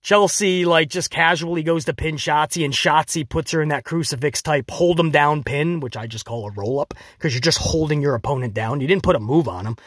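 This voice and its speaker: A man reviews a wrestling show in casual solo commentary, animated and jokey, now and then dropping into quick mocking impressions. His voice is a little high with a breathy edge, and the studio sound is clean with no echo.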